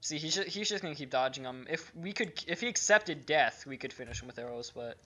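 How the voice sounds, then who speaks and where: A man commentating a video game with friends, giving orders to teammates and exclaiming loudly when things go wrong. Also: a little high, lively intonation, fairly quick. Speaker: gaming co-commentator.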